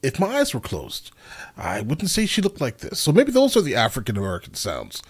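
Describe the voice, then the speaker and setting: Male reaction host, husky, animated delivery, casual. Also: medium pitch, brisk. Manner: chatty, animated, addresses viewers as guys.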